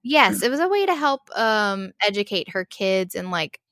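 Woman co-host, bright tone, dry close sound; casual, emotional recap full of fillers. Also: medium pitch, sing-song, normal speed, no echo. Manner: emotional, gushing, many "like"s and restarts. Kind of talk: casual chat recapping a show.

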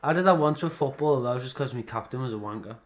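A man's voice: medium pitch, quick pace. A man co-hosting a podcast, chatting casually and telling stories with swearing and laughter. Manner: banter with swearing and frequent laughs. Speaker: podcast co-host. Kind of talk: casual chat.

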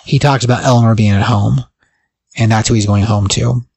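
A man's voice: on the low side, fairly even intonation, fairly quick, gravelly, a little mellow, slightly rough, dry recording. A man co-hosting a podcast, casually retelling a comic book's plot in a rambling way, full of fillers. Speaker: podcast co-host. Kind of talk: casual comic book recap.

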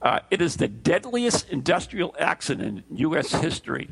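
Raspy, animated man co-hosting a chat. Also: on the high side, moderate pace. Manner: rambling, teasing, stumbles over words. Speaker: podcast co-host. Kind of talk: casual chat. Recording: voice breaking up over an online call.

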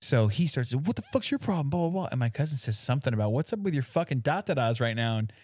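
A man's voice: mid-range voice, expressive, fast talker, darkish tone, no room sound. A man co-hosting a podcast in casual chat, telling a family story with easy laughs and swearing. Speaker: podcast co-host.

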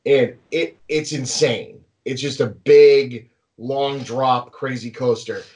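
A man hosting a casual podcast chat, an animated storyteller who laughs often. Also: medium pitch, slow. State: anxious about flying. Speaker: podcast host.

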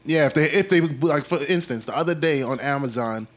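Animated Brooklyn man telling stories. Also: on the high side, a little fast. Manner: animated storyteller, slangy, acts out quotes. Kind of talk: casual chat.

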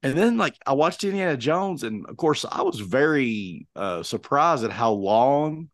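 A man's voice: mid-range voice, sing-song, a little slow, no echo, studio quality. A man in his forties co-hosting a podcast in casual chat, rambling with many fillers and restarts. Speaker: podcast co-host.

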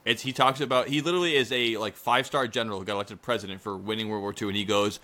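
Man, podcast co-host, quick talker, bright forceful tone, profane jokey chat. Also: lowish voice, fairly even intonation. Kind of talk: casual comedic chat.

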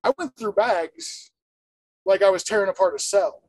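High-voiced man explaining plainly. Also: normal speed, no echo, low-quality recording. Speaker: guest, former airport screener. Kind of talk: casual explanation.

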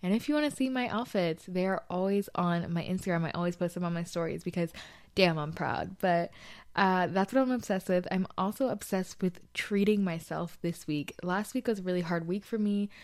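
A woman's voice: fairly low pitch, brisk, darkish tone. A young woman hosting a casual solo podcast from a small bedroom, chatty and confessional, with lots of "like" fillers. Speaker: podcast host.

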